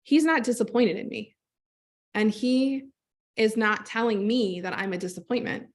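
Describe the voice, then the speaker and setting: A woman with a slightly high voice teaches a group on a call. She tells stories with animation and acts out the people she quotes. She talks conversationally and addresses her listeners directly. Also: moderate pace. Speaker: trauma-informed business coach.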